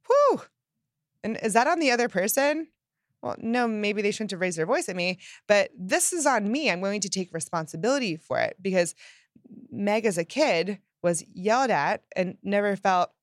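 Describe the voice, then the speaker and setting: A woman's voice: fairly low pitch, no room sound, studio quality. A woman giving a reflective self-help monologue, speaking earnestly and candidly straight to the listener.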